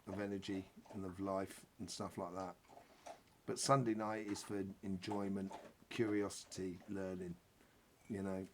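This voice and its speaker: A man's voice: fairly low pitch, gravelly. A man hosting a live spiritual Q&A, talking in a rambling, chatty way with jokes. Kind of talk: casual live-stream talk.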